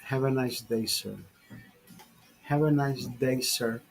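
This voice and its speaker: A man mimicking a curt male police officer who brushes him off with low, quiet, clipped politeness. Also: steady tone, slow pace, soft background music, poor audio. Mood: curtly dismissive.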